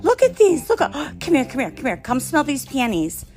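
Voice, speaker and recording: An excited older mother with a Philadelphia accent, as a woman puts her on, fussing eagerly and insisting. Her voice sits well above the teller's own, lifted and urgent. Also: sits high, moderate pace, pitched above the performer's own voice. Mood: gushing.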